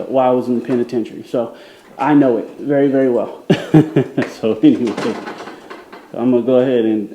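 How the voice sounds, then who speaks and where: A man with a deep, mellow, dark-toned voice argues on camera with security in a government office. He lectures confidently about the law and stays unbothered. The sound rings in an echoey indoor room. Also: slight background noise. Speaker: self-described journalist filming a public office. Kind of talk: confrontational on-camera argument. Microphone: handheld camera.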